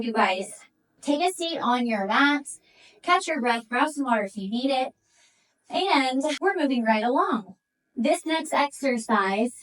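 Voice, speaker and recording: Woman, pilates instructor, slightly out of breath, encouraging, high voice, unhurried, distant mic. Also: a bit bright. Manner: encouraging, counts reps aloud. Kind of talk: guided workout instruction.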